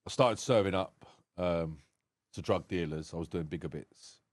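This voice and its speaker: A man's voice: low-pitched, moderate pace, no room sound, studio quality. A man in his thirties with an English accent, a podcast guest talking candidly, swearing freely and laughing often. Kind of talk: casual podcast conversation.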